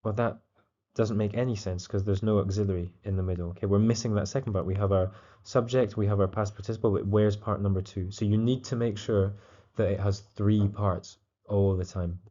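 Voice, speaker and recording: Male tutor, calm explanatory delivery with frequent fillers, warm low voice. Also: fairly quick, highs cut off. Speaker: French teacher.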